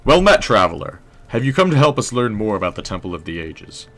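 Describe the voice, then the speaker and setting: A man putting on a stoic, gruff historian in a low, gravelly voice, with a half-hearted mock British accent that comes and goes. His phrasing is formal and old-fashioned, and his tone is bright and forward despite the depth. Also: very animated, brisk. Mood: formal greeting. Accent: mock British, drifting in and out.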